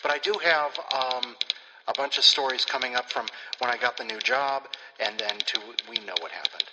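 A man's voice: mid-range voice, moderate pace, long reverb tail, muffled recording, heavy background noise. A man hosting a podcast, chatting casually in a playful, rambling, self-mocking way. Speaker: podcast host.

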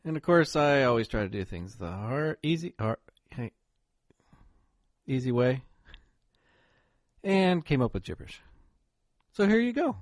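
A man's voice: medium pitch, sing-song, measured pace, pauses often, dry recording. A man introducing and reading his own short story in a playful, self-mocking way. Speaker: story contributor.

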